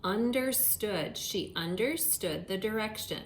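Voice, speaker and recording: A woman teaching a phonics lesson to young children, sounding out words in a slow, sing-song way. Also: medium pitch, animated, slight background noise. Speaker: elementary school teacher. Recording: echoey room.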